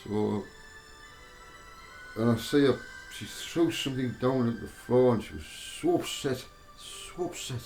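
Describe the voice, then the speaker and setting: A man telling a personal spiritual testimony, halting and repeating himself as he goes. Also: medium pitch, animated, darkish tone. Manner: halting, repeats words and restarts often. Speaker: storyteller giving a spiritual testimony. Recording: roomy echo with faint music behind.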